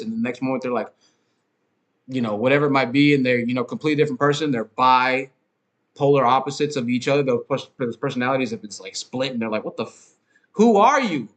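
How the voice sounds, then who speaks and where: A man hosting a podcast, ranting in a casual, rambling monologue with frequent swearing, fillers and restarts. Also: mid-range voice. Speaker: podcast host.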